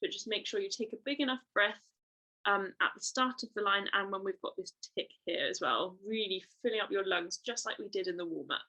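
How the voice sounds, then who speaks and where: A woman's voice: mid-range voice, fairly quick, bright, forceful tone, rough recording. A young woman giving an online trumpet lesson, explaining patiently and encouragingly with many fillers. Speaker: trumpet teacher.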